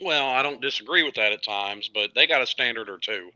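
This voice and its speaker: An easygoing man in casual stream banter, agreeable and folksy. His tone is sharp and bright, and the feed sounds dull and lo-fi. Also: medium pitch, animated, a little fast. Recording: muffled lo-fi stream audio.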